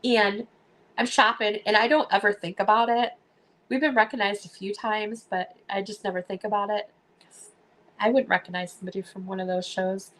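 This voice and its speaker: A woman hosting a live stream, telling stories in a casual chat, animated and laughing often as she acts out what people said. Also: mid-range voice, moderate pace.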